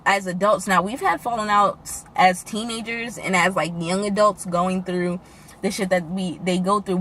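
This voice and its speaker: A woman's voice: mid-range voice, fairly bright tone, a little hiss or hum. Tearful, candid woman vlogger. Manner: candid, swears often, emotional. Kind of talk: casual emotional vlog talk.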